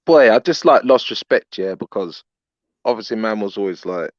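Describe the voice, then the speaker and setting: Low-voiced man, rambling story. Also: lively intonation, normal speed, dry recording, highs cut off. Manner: rambling, filler-heavy storytelling. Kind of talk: casual storytelling chat.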